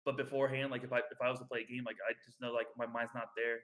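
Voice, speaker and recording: A man's voice: medium pitch, flat delivery, rapid-fire, fairly bright tone, a little hiss or hum. A young man co-hosting a podcast, chatting casually and rambling with many fillers and restarts. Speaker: podcast co-host. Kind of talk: casual chat.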